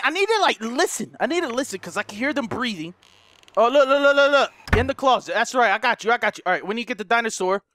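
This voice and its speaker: A man doing let's play commentary, excitable, narrating his moves and shrieking and swearing at scares. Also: extremely high pitch, dry recording, studio quality. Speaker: gaming YouTuber.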